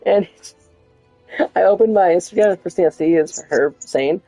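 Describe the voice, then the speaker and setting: A woman's voice: lowish voice, moderate pace, mellow, no room sound, faint music behind. A woman chatting casually while streaming a game, rambling and laughing often. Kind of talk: casual chat while gaming.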